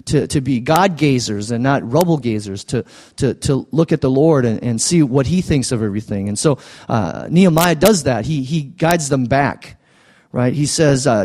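Halting, conversational male preacher. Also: medium pitch, lively intonation, a little mellow. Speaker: pastor. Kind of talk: sermon.

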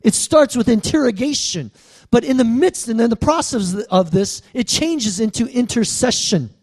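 A man's voice: very high-pitched, expressive, normal speed, darkish tone, slightly rough. A man in his thirties preaching a sermon, with call-and-response asides to the congregation. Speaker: pastor.

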